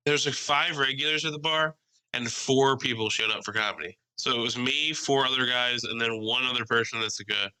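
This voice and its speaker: A young man co-hosting a casual podcast, telling animated stories, swearing freely and mimicking other people's voices. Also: medium pitch, fairly quick, clean tone, rough recording. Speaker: podcast co-host.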